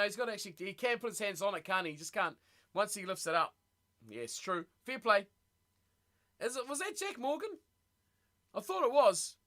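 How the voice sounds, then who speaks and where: A man hosting a live watch party stream, reacting excitedly to a rugby match and chatting with viewers. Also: sits high. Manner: excitable, chatty, reads viewer messages aloud.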